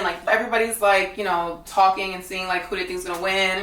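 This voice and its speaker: A woman's voice: fairly high pitch, moderate pace, bright, forceful tone. Blunt young woman in an echoey room. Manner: blunt, gossipy, heavy use of "like". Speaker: reality dating show contestant. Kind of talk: casual storytelling to camera. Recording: echoey room, mic at a distance.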